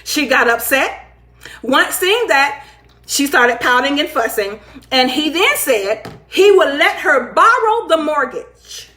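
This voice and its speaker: A woman hosting a casual live talk show, reading viewer comments aloud, playful and animated, often laughing and teasing. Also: sits high, slow. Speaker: livestream talk show host. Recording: echoey room.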